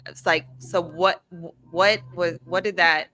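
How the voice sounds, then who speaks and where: A woman hosting a podcast, asking questions haltingly with many restarts and fillers. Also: lowish voice, steady tone, bright, forceful tone, a little hiss or hum. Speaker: podcast host. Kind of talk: podcast interview.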